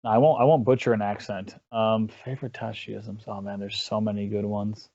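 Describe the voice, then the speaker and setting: A man's voice: lowish voice, level tone, moderate pace, gravelly, a little mellow, no echo, highs cut off. A man chatting casually as an interview guest, rambling with lots of restarts and self-deprecating asides. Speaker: guest caster.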